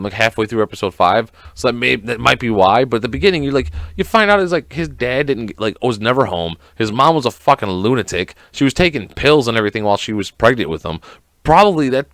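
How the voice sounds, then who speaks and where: A man who is sick hosts a casual solo podcast, rambling, swearing a lot, using plenty of fillers and acting out scenes in quoted voices. His voice is medium-pitched with a fairly bright tone. There's no room sound.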